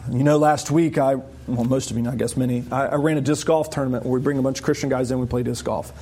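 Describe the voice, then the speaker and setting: A man preaching a sermon to a congregation, animated and emphatic, often rising sharply in pitch for stress. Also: quick pace, slight background noise.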